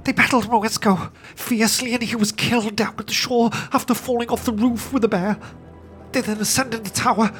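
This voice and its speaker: A frightened female harpy speaks in a high, melodic, quivering voice, put on by a man. She tells her account fearfully, in a fantasy tabletop game. Faint music sits in the background. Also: fairly even intonation, a little fast, fairly bright tone. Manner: trembling, fearful.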